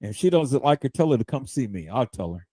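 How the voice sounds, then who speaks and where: A man's voice: mid-range voice, big pitch swings, fast talker, dark tone, no room sound. A man hosting a livestream, ranting in a heated, profane way and stammering repeated words as he goes. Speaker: livestream host. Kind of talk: livestream rant.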